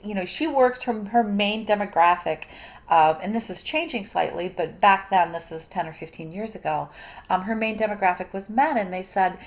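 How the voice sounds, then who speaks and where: A middle-aged woman teaching a recorded lecture in a casual, conversational way, with frequent fillers and restarts. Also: medium pitch. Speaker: communication instructor.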